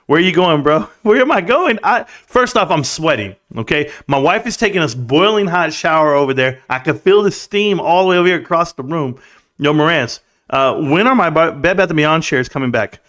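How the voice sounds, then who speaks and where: Chummy, laid-back man with a higher voice. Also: animated, fairly quick, fairly bright tone. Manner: laid-back, chummy, laughs often, calls people bro. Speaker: livestream host reading chat. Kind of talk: casual livestream chat. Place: room at home.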